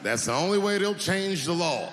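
A man performing stand-up comedy on stage, with profane, conversational punchlines and long pauses. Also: sits high, animated. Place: stage in a hall with a live audience. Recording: echoey hall with crowd noise.

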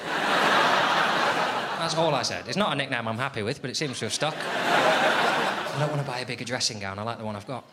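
A man's voice: mid-range voice, normal speed, long pauses, very noisy. A man performing a stand-up comedy routine, slipping into an exaggerated sing-song voice when he mimics how he talks to his housemates. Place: comedy venue with a laughing audience. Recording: live comedy club recording with loud audience laughter. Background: loud audience laughter.

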